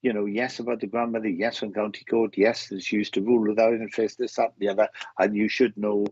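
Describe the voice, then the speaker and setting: A Welsh man working as a medium gives live readings to viewers, talking in a halting way and often repeating words and starting over. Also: on the low side, flat delivery, darkish tone, slightly rough, dry recording, dull audio. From Wales.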